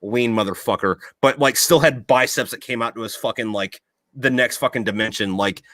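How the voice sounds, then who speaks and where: A male podcast host in casual chat, telling long, profane stories full of fillers. His voice is bright and forceful, with a medium pitch. The sound is dry and close. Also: normal speed, no room sound. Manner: profane, rambling storyteller.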